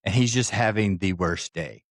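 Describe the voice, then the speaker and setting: A low-voiced man speaking at a moderate pace co-hosts a podcast, recounting a casual story and performing the quoted characters. Then he stakes out a firm position. The studio-quality recording is dry.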